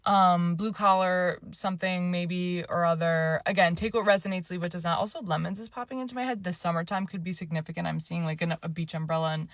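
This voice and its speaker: A young adult woman giving a casual, rambling tarot reading, full of fillers and self-corrections, sometimes trailing into a hushed near-whisper while searching for words. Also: fairly low pitch, fairly even intonation, fairly quick, few pauses, no room sound. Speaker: tarot reader. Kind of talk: casual intuitive reading to camera.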